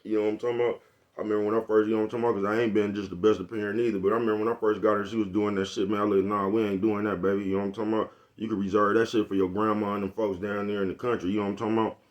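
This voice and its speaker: Deep-voiced fast-talking Oakland man, rambling. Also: flat delivery, lo-fi sound. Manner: streetwise, profane, rambling, constantly asks "you know what I'm talking about?". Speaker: vlogger. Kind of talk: casual monologue to camera.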